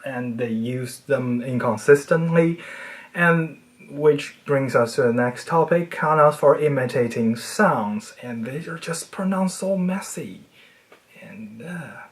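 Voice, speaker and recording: A speaker with a voice at a mid pitch explains language in a casual, self-made video lesson. The delivery is playful and nerdy. It jumps up high on points of emphasis and drops off quietly at the tails of phrases. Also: takes it slowly. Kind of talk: casual educational monologue.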